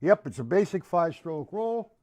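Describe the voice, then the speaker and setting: A man's voice: sits high, lively intonation, normal speed, faint music behind. A man teaching drums on a live stream, talking casually and counting beats aloud. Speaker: drum teacher. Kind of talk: live-streamed drum lesson. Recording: loud drum kit playing behind the voice.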